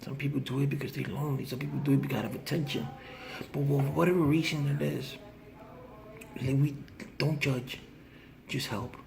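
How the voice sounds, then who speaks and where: Recovering man with a rough, gravelly voice; heartfelt, repetitive direct-to-camera plea. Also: medium pitch, steady tone, moderate pace, pauses often, darkish tone. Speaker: vlogger in addiction recovery. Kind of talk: earnest direct-to-camera appeal.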